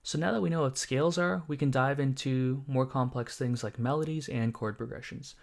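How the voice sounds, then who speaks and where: A man teaching music production basics in a calm, methodical tutorial, explaining each step. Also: medium pitch, fairly quick, creaky. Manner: calm, methodical, walks through each step while playing examples.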